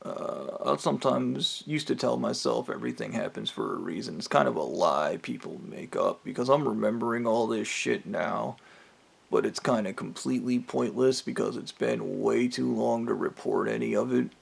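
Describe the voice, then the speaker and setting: A man's voice: medium pitch, normal speed, creaky, slightly rough. A man ranting bitterly in a rambling personal monologue, swearing often and mocking the people he blames. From United States. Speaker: vlogger. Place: trailer park home.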